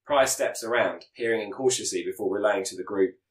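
A man reading out a scripted plot pitch as a podcast co-host, sometimes stumbling and correcting himself. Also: a little fast, echoey room, poor audio. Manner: reads with stumbles and self-corrections.

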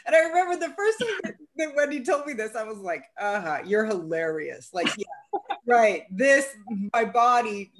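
A woman's voice: high-pitched, animated, moderate pace. A woman co-hosting a casual conversation, candidly telling personal stories and acting out what people said. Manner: candid, storytelling, acts out quotes.

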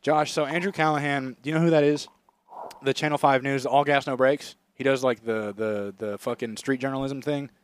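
A man's voice: medium pitch, fairly even intonation, normal speed, slight background noise. A young man co-hosting a podcast, rambling and crude in casual chat. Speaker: podcast co-host.

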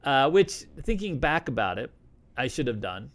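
A man's voice: medium pitch, big pitch swings, moderate pace. A man hosting a casual live stream, talking loosely and joking with lots of restarts. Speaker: host.

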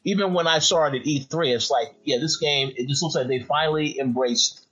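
A man's voice: on the high side, fairly quick, a bit bright, breathy edge, lo-fi sound, soft background music. A man hosting a casual podcast chat, stammering on repeated words and hedging as he talks. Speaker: podcast host.

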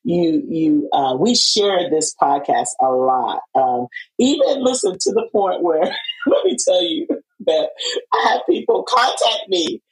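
A woman hosting a podcast, chatting in a casual interview with an animated, laughing manner and many fillers and restarts. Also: lowish voice, unhurried, rough recording. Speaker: podcast host.

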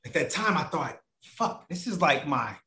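Brief: man, storyteller, slightly high voice, animated and profane, echoey room. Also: moderate pace. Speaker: guest telling a story. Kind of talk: casual storytelling.

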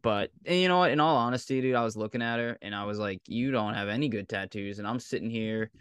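This podcast co-host, in his thirties and from the South Shore of Massachusetts, talks quickly in a lowish, fairly bright, clear, resonant voice with a Massachusetts accent and no room sound. Chatting casually, he spins a long, profane, rambling story, laughing frequently.

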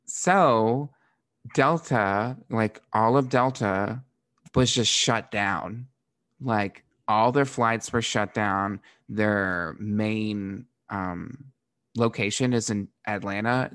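Animated, profane young man telling stories. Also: lowish voice, dry recording, studio quality. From Florida. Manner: animated, profane, laughs often. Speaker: podcast host, drag performer. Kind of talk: casual storytelling.

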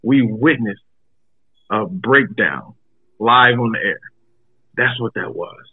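A man's voice: lowish voice, slow, slightly rough. A man, a comedian and guest on a podcast, speaking earnestly and often stumbling and repeating his words. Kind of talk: casual chat. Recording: tinny phone-like line.

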